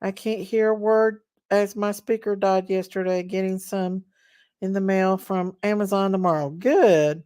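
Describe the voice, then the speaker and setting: A woman hosting a casual livestream, greeting viewers by name in drawn-out, sing-song hellos. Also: medium pitch, steady tone, darkish tone, clear, resonant tone. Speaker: livestream host.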